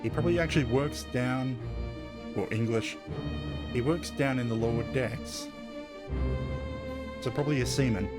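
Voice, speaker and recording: A man's voice: mid-range voice, moderate pace, pauses often, over loud music. A man playing a video game and thinking aloud in casual commentary, often correcting himself. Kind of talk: let's-play commentary.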